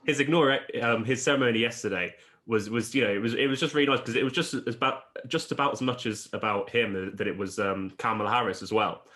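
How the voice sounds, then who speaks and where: Man hosting a podcast, halting questions. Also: medium pitch, pushed and bright. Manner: hesitant, restarts questions. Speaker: podcast host. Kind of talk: casual interview chat.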